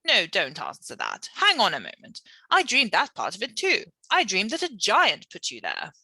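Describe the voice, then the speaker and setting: A woman's voice: medium pitch, wildly swooping pitch, normal speed, sharp tone, breathy edge, dry recording, heavily acted. A woman reading a storybook aloud and voicing an elderly Queen with a posh British accent and anguished, pleading cries. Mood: wondering. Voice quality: posh, plummy.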